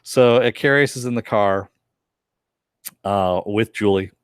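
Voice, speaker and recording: A man's voice: lowish voice, a little slow, clear, resonant tone, no room sound, studio quality. A man co-hosting a casual review chat, retelling scenes and acting out lines. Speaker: podcast co-host reviewing a TV episode.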